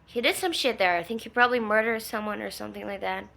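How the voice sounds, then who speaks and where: A woman's voice: medium pitch, fairly even intonation, fast, gravelly, fairly bright tone. A woman telling a story in a casual, rambling way, full of fillers and emphatic swearing. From Brazil. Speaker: vlogger.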